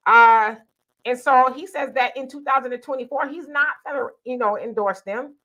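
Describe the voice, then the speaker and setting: A woman hosting a live stream, talking through the news in a casual, conversational way with lots of fillers and quick asides. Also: fairly high pitch, pushed and bright. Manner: conversational, many fillers, quotes others in asides. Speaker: host. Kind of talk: casual political commentary.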